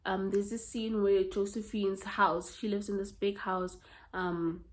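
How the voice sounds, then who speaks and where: A South African woman with a South African accent, chatting casually about books she has read in a blunt, expressive way and swearing freely. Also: mid-range voice, unhurried. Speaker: book vlogger. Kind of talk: casual book review chat.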